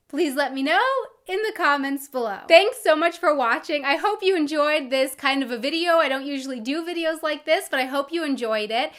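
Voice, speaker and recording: A young American woman talking casually to her camera as a vlogger, earnest and quick to laugh. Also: high-pitched, fairly bright tone. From United States.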